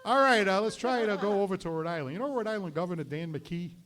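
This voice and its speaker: A man's voice: high voice, expressive, fast talker, fairly bright tone. A man hosting a live variety show, delivering a stand-up comedy monologue and apologizing after his own jokes. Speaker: host. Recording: noisy live show recording.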